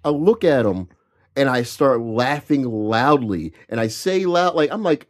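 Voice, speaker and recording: A man's voice: medium pitch, expressive, measured pace. Wry man telling a story. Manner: wry, storytelling with quoted back-and-forth. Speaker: podcast co-host. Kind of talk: casual storytelling chat.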